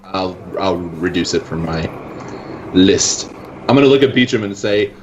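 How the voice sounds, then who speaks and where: A man's voice: deep voice, animated, a little slow, lo-fi sound, noisy background. A man playing a tabletop game, easygoing and slipping into character. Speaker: player. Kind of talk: tabletop role-play.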